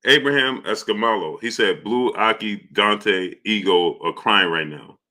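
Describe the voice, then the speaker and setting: A man's voice: on the low side, a little slow, pushed and bright. A man hosting a live boxing stream, arguing his points and greeting chat viewers by name. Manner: argumentative, repeats points. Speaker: boxing show host.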